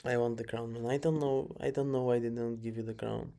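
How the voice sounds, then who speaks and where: A man's voice: mid-range voice, fairly even intonation, a little fast, mellow. A man casually reviewing his own chess games, muttering moves, correcting himself and chuckling along the way. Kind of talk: casual game review commentary. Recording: clear background noise.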